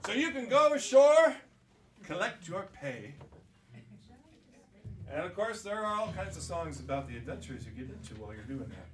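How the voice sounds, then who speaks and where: An older man, a folk singer, chatting between songs at a live coffee house concert in a relaxed, storytelling way as he leads the crowd in singing. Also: high voice, normal speed, pauses often, recorded from a distance. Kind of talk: between-song stage patter at a live concert. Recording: echoey live room, heard from afar. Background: acoustic guitar.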